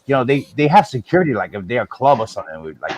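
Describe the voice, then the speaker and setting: A man's voice: medium pitch, rapid-fire, over a noisy crowd. New guy hosting a chill podcast, rambly and salty, lotta "you know"s. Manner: animated, profane, lots of fillers. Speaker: podcast host. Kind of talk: casual storytelling chat.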